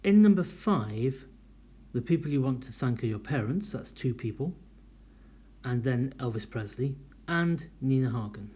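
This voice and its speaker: A man teaching a recorded lesson, explaining deliberately and modelling lively intonation in example sentences. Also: mid-range voice, breathy edge. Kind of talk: recorded lecture.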